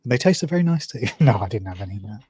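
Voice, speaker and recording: A man from the UK chatting casually, telling brisk anecdotes and laughing through his stories. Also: medium pitch, very animated, mellow, slightly rough, no room sound, clean studio sound. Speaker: co-host. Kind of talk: casual chat.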